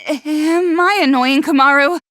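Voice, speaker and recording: A woman voicing a gloomy, sharp-tongued teenage schoolgirl for a video game, with a nervous stutter and snide, sarcastic put-downs. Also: sits high, a little slow, no room sound, clean studio sound. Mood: flustered. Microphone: close studio mic.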